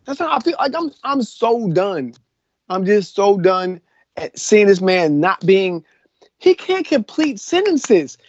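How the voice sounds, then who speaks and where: A man's voice: high-pitched, sing-song, slow pace, no room sound. A man co-hosting a casual podcast chat, ranting in a heated, profane way. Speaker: podcast co-host. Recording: dull, lo-fi dry recording.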